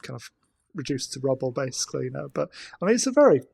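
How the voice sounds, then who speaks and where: A man co-hosting a casual film discussion, halting and repeating words as he thinks aloud. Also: mid-range voice, big pitch swings, creaky, darkish tone, breathy edge. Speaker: podcast co-host.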